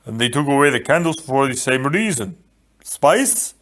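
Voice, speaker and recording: A man voicing a huge, gentle, simple giant who pleads like a child, in an audiobook reading. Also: mid-range voice, animated, normal speed, close to an everyday voice. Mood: wary.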